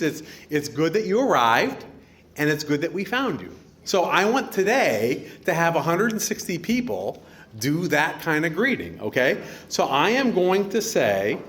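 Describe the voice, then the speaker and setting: Lively middle-aged man giving a wedding toast. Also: fairly high pitch. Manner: lively, teaching the crowd a Greek greeting, joking. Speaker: father of the bride giving a wedding speech. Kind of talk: wedding reception speech. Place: outdoor wedding reception venue.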